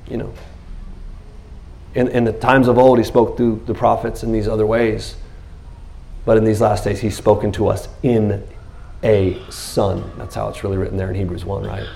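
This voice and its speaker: Man pastor, gravelly voice, lively sermon full of acted-out quotes. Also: fairly low pitch, moderate pace, pauses often. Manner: animated preaching, acts out biblical scenes in quotes.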